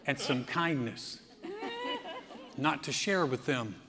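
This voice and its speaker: A man's voice: medium pitch, takes it slowly, a crowd in the background. A man in his sixties preaching a sermon, telling stories with laughs and frequent restarts. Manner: animated storytelling with laughs and restarts. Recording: long hall reverb.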